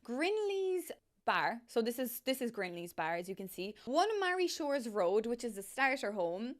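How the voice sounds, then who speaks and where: Young woman, bubbly gushing chat, emotional, a little high-pitched. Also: very animated, moderate pace. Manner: bubbly, gushing, laughing, rambling. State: emotional, close to tears. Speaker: YouTuber, game builder. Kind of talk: excited casual vlog chat.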